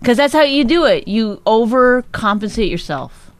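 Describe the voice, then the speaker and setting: A woman's voice: a little high, animated, normal speed, no room sound. Woman podcast host ribbing her partner, teasing and laughing a lot, dead dry close mic. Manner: teasing, needling, laughs often. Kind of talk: casual bickering chat.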